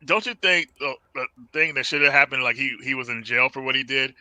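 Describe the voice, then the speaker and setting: A man who is a guest on a casual live movie review, describing scenes in a relaxed, plain way. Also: mid-range voice, fairly quick, dry recording, poor audio. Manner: relaxed, describes scenes plainly, quiet back-channel replies. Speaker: guest co-host.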